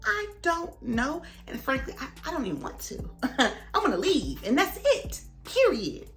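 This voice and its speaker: A young woman vlogger telling a story in a casual, animated way, acting out the other people's lines. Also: high voice, measured pace, soft background music. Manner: animated, dramatic retelling with voices for others.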